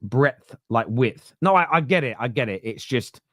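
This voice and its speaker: A man from London's East End with a Cockney accent, hosting a live football watchalong in a chatty, self-mocking way and breaking into shouted excitement at near misses. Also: medium pitch, moderate pace, no room sound, clean studio sound. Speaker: watchalong host.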